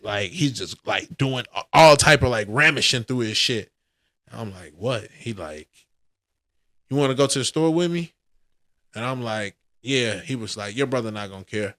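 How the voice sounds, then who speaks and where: A man telling a profane, animated story in a casual podcast chat. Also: lowish voice, no echo. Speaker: podcast co-host.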